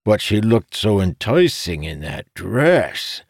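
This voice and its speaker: A man voicing a gossipy, teasing male necromancer in an audiobook, pitched up from his deep voice and slowed. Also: big pitch swings, creaky, no room sound, studio quality, full character voice. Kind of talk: audiobook character voice.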